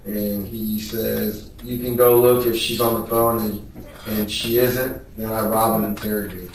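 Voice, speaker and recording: A man testifying in court, reading text messages aloud in a measured, flat way. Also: fairly low pitch. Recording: echoey room, voice picked up from a distance.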